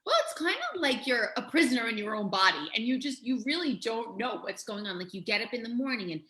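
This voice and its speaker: A middle-aged woman, a health and life coach, telling her story as a podcast guest in a lively, laughing way. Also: on the high side, fast talker. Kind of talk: casual interview storytelling. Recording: echoey room.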